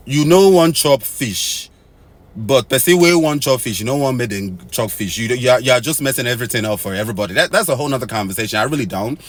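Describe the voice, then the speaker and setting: A man from Nigeria hosting a casual to-camera monologue, animated and swinging from loud exclamations to low muttered asides, mixing in Pidgin and Igbo phrases. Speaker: host.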